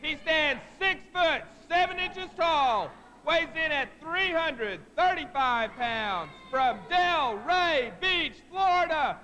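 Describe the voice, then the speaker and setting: A man announcing wrestlers in the ring with drawn-out, booming introductions. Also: expressive, bright, forceful tone, long reverb tail.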